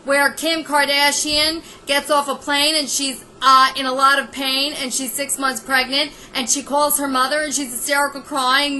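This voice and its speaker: A woman's voice: sits high, flat delivery, moderate pace, bright, forceful tone, a little hiss or hum, rough recording. A woman vlogger delivering a sarcastic, exasperated comedic rant.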